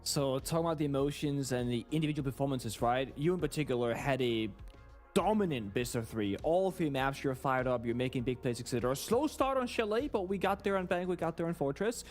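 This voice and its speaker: A man's voice: mid-range voice, fairly quick, darkish tone, soft background music. A man analysing gameplay and asking detailed questions on an esports broadcast. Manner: detailed, inquisitive.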